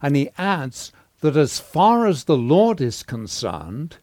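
A man giving a sermon, teaching through a Bible passage in a measured way with pauses and fillers, rising to emphasis on key words. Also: on the high side, very animated, a little mellow, dry recording, clean studio sound. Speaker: preacher teaching on a Bible letter.

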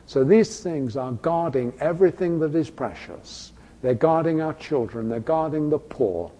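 A man delivers a sermon in a church with a long, ringing reverb. His voice sits a little high, and he builds his points with questions and repeated "you see"s. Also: lively intonation, unhurried, warm tone, slight background noise. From Britain. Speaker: preacher. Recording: echoey hall, long reverb.

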